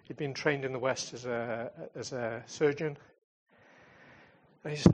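A man's voice: mid-range voice, fairly even intonation, measured pace, long pauses. A man who represents a charity in churches, giving an informal, chatty talk that ends in a prayer. He tells stories with hesitations and restarts and calls himself a fun-loving comedian type.

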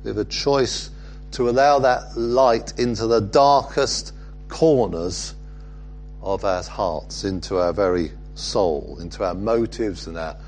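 A man preaching a sermon, reflective and halting, with frequent fillers. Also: fairly low pitch, darkish tone, slight background noise.

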